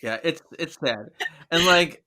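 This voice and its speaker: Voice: medium pitch, lively intonation, normal speed, pushed and bright. A podcast co-host in casual chat, agreeing with laughs and adding thoughtful asides.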